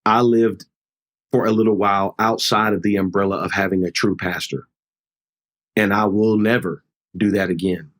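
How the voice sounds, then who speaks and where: A man's voice: fairly low pitch, steady tone, moderate pace, a bit bright. A middle-aged man, a pastor, telling a personal story in an earnest, conversational way during a podcast interview.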